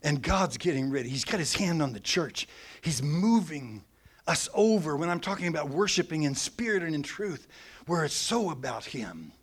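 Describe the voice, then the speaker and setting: A middle-aged man preaching a sermon, teaching with animated emphasis that swings between loud and soft. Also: fairly high pitch, normal speed, breathy edge.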